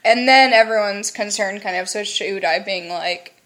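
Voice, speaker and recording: A woman co-hosting a podcast in casual chat, giggly and animated as she tells stories. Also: mid-range voice, normal speed. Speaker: podcast co-host.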